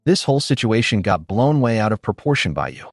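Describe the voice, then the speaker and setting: Casting: a man voicing a bitter stepmother, curt, low-pitched read, lively lilt. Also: brisk, no echo, clean studio sound. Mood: angry. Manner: curt, defensive. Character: resentful defensive woman, stepmother.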